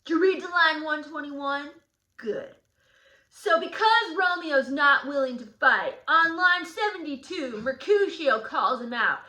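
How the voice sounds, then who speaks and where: A woman's voice: high-pitched, animated, a little slow, pushed and bright, exaggerated voice. A woman in character as Tybalt, giving a guided study lesson in slangy, sarcastic paraphrase. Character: brash young male swordsman Tybalt, cocky and touchy. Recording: echoey room.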